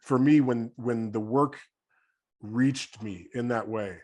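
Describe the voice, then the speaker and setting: A man hosting a podcast, speaking in a reflective, heartfelt way with halting restarts. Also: mid-range voice, a little mellow. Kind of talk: casual podcast conversation.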